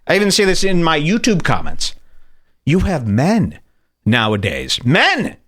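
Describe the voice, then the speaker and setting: Lively sarcastic ranting man. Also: a little high, unhurried. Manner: sarcastic, crude, mocking. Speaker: podcast host. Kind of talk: ranting casual talk.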